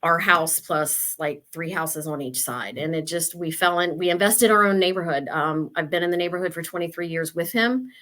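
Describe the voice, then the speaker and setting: Woman in her fifties, from Ohio, lower voice, chatty storyteller, casual interview guest. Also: normal speed, hardly any pauses, fairly bright tone. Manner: chatty, storytelling with quoted asides. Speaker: real estate agent guest.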